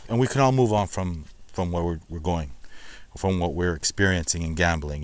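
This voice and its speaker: Man, lowish voice, casual outdoor walk-and-talk vlog, slightly out of breath, chatty and reflective. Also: normal speed. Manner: chatty, addresses viewers as guys, reflective. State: out of breath walking uphill. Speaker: slots channel host. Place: outdoors, walking up a steep hill.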